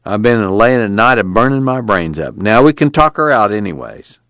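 A man's voice: lowish voice, expressive, normal speed, fairly bright tone, dry recording, studio quality. A man voicing a proud, grumbling farmer father with a sarcastic, sulky manner, in an audiobook reading.

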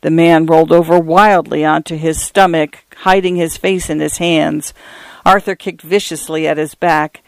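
A man reading a story aloud in a measured, even audiobook narration. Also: a little high, creaky, dry recording.

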